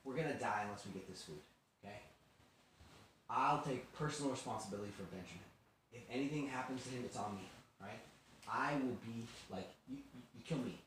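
A man doing a grown son pleading urgently with his father, lower and hushed, roomy and far from the mic. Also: a little fast, a little hiss or hum, close to an everyday voice. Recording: echoey room from far off.

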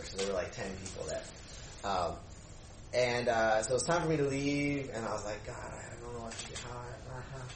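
A man's voice: mid-range voice, a little hiss or hum. A man, a pastor, telling a personal story to his congregation in a casual, chatty way full of fillers, and acting out the voices of people he quotes. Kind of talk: sermon storytelling. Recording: roomy echo, mic at a distance.

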